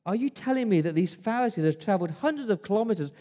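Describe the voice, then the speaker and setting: A man preaching a sermon as pastor, conversational and emphatic, swinging between loud stresses and hushed asides. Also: high voice, lively intonation, quick pace.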